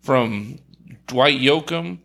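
Gravelly bright-voiced man chatting. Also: medium pitch, extremely slow. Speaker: podcast co-host reviewing a film. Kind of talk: casual chat.

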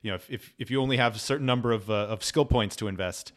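A man in casual conversation as a podcast co-host, explaining points in a measured way with repeated words. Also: medium pitch.

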